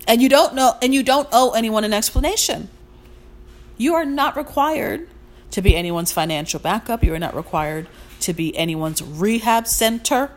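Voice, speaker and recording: A woman's voice: fairly high pitch, expressive, normal speed. A woman hosting a motivational podcast, talking casually and emphatically, repeating her points with sassy slang and the odd swear. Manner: emphatic, preachy, repeats her points and calls listeners "queens". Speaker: podcast host.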